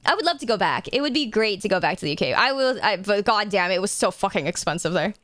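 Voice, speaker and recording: Lively, animated woman streamer. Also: medium pitch, quick pace, no echo. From United States. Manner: animated, laughing often, swears freely. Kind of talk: casual chat with live chat viewers.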